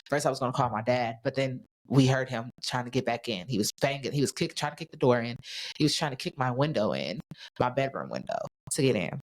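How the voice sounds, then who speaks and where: A woman speaking as a podcast guest, telling her story in plain casual talk. She is blunt and swears often, moving quickly from one event to the next. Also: very deep voice. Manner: blunt, swears freely, tells events rapidly.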